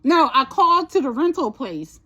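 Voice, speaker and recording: A woman's voice: high-pitched, very animated, moderate pace, a bit bright. A woman vlogger casually telling a personal story, chatty, swearing a little and asking "right?" often.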